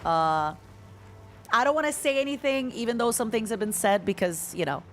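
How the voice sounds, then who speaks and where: A woman streamer talking in a candid, confiding and halting way as she chats live while gaming. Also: fairly high pitch, expressive, a bit bright, soft background music.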